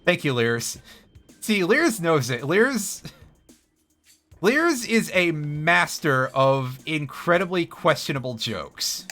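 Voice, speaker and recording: In live gameplay commentary, a male streamer narrates his game slowly with dry self-mockery and interacts with viewers. His bright, forceful voice sits somewhat high and swings widely in pitch, and game music can be faintly heard.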